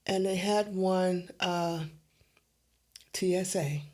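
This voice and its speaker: Speaking slowly in a lowish voice, a middle-aged woman being interviewed tells her story with animation and acts out what people said.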